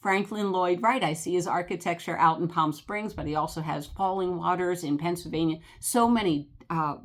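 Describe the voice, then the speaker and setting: A woman's voice: lowish voice, moderate pace. Older New Jersey woman, travel vlogger, rambling chatty delivery, full of fillers. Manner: chatty, animated, many fillers and laughs. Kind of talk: casual rambling chat.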